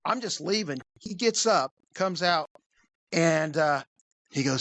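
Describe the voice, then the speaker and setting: A man, a police officer, telling a crude story in an animated, conversational way. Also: a little high, slow, dry recording. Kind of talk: casual storytelling.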